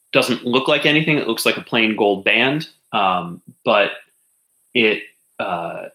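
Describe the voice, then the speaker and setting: A man narrates a tabletop game as its game master, weighing his words with many pauses. His voice is low but bright and forward. The room around him rings with echo. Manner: relaxed and hesitant, many "um"s.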